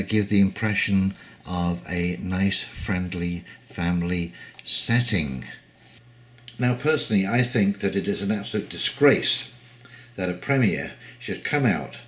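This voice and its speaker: A man giving casual, opinionated political commentary with many hesitations. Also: fairly low pitch.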